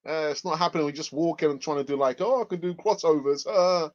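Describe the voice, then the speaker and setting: Speaking quickly in a slightly mellow, higher-pitched voice, an Englishman hosts a laid-back fan channel stream where he reads comments aloud. He meanders, repeats himself, uses plenty of fillers and coughs, and the lo-fi recording is muffled.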